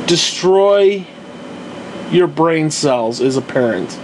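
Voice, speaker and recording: A man's voice: high-pitched, animated, a little slow, background noise. A young man hosting a podcast, ranting in a casual, profane, exasperated and rambling way. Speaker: podcast host.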